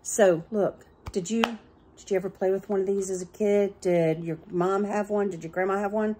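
Over some background noise, this thrift haul vlogger talks at normal speed in a mid-range voice. She's a chatty middle-aged woman in a relaxed home video, excitedly raving about the small items she picked up secondhand.

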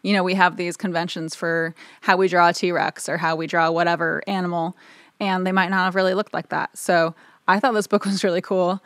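A woman in her home recording studio, chatting to the camera in a rambling, easygoing way. Her voice sits on the low side, and the sound is close and dry with no room echo. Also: level tone, fairly quick, fairly bright tone. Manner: rambling, chatty, lots of filler words. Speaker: audio engineer and video host. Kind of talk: casual talk to camera.

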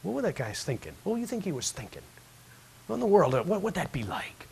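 A man with a high, sing-song voice speaks quickly, with vocal fry, a darkish tone and a breathy edge. He is a pastor preaching a sermon in a church sanctuary, telling stories conversationally and acting out the voices of the people in them.

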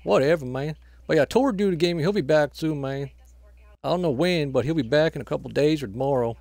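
A man's voice: fairly high pitch, fast, gravelly, darkish tone, no echo. A man giving casual gameplay commentary, grumbling and swearing at opponents and tacking "man" onto nearly every phrase. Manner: swears and trash-talks opponents. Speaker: gameplay commentator filling in for the channel owner.

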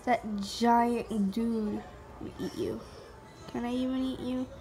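A young woman giving casual gameplay commentary, excitable, gasping and dropping to whispers while she plays. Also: a little high, slow. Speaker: gamer. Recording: faint music behind.

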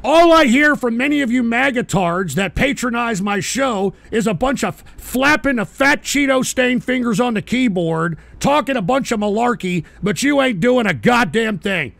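A man's voice: extremely high pitch, animated, moderate pace, gravelly, hardly any pauses, a bit bright, no room sound. A middle-aged American man hosting a radio talk show, ranting profanely and abrasively at his chat. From United States.

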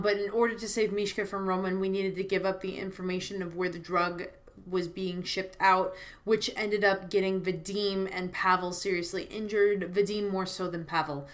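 A woman's voice: mid-range voice, fairly bright tone. A young woman hosting a let's play of a story game, chatty and emotional, with lots of fillers. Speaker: gaming YouTuber. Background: game music.

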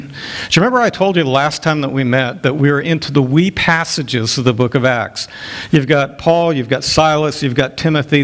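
A middle-aged male pastor preaching an expository sermon, rising to emphatic peaks when he quotes scripture. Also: on the high side.

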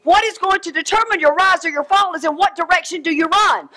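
A middle-aged woman preaching a sermon, swinging between shouted exhortation and quiet asides. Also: very high voice, fairly quick, few pauses.

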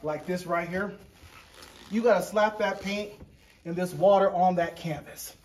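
A man with a notably high speaking voice guides a painting lesson. He chats playfully and jokes as he works, keeping the talk loose and easygoing. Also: a little slow, slight background noise. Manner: playful, chatty, jokey. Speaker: painting show host. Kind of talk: casual painting demonstration.

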